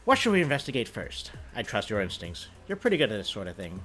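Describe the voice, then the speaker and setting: A man's voice: lowish voice, wildly swooping pitch, fast talker, sharp tone, soft background music, heavily acted. A man voicing a confident woman supervillain thief in a video game, breezy and reassuring as she plots.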